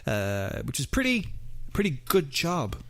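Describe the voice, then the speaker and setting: Chatty man with a gravelly voice. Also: medium pitch, wildly swooping pitch, a little slow, no room sound. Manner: chatty, laughing often, many fillers. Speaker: podcast host. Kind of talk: casual podcast chat and true-crime narration.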